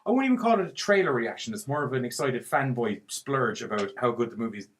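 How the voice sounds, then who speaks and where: A male podcast co-host with a mid-pitched voice, talking loosely in a rambling, jokey way. He drops swear words freely as he chats. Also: animated, quick pace. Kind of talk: casual podcast chat.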